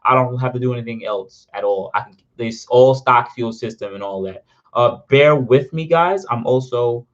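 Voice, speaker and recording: A man hosting a casual car livestream, reading chat and answering questions in an excitable, rambling way. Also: mid-range voice, moderate pace, highs cut off. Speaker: car channel host answering live chat.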